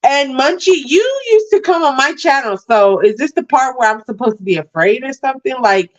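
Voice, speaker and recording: A woman's voice: high voice, expressive, normal speed. A woman on a livestream delivering a profane, fiery, trash-talking rant at critics. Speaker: livestream guest. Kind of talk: angry confrontational rant. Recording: dull lo-fi stream audio.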